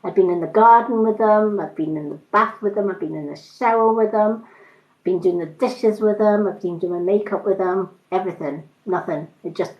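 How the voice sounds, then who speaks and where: A woman's voice: mid-range voice, normal speed. A woman selling makeup and skincare, chatting casually on a live stream and rambling through stories with lots of fillers. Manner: rambling storyteller with frequent fillers. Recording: roomy, slightly dull sound.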